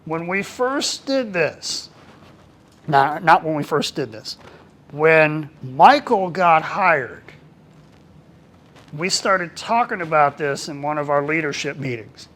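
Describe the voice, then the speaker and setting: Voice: medium pitch, lively intonation, slow pace, a bit bright. A workplace trainer giving a casual, talkative presentation to a small group. The delivery is colloquial, and the trainer acts out bits of dialogue.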